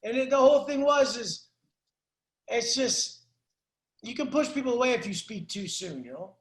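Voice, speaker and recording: A man with a very high voice lays down blunt, profanity-laced coaching on a call. He talks in a preachy, no-nonsense way, and the sound rings around an echoey room. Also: lively intonation, moderate pace. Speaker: life coach.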